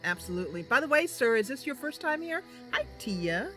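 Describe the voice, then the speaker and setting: A woman's voice: high-pitched, big pitch swings, a little fast, fairly bright tone. A woman streamer chatting casually with viewers during a role-play game, giggly with many fillers. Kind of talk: casual live-stream chat. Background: game music.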